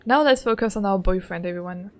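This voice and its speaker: Speaking English as a second language, a woman streams a game and chats with her viewers in a casual, playful way. Her mid-range voice moves quickly, and she giggles often while greeting them.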